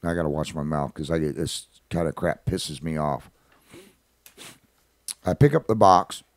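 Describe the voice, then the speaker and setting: A middle-aged man, a radio host, telling a personal anecdote in a blunt, animated, indignant manner. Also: extremely low pitch, unhurried, no echo. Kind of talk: casual spoken anecdote.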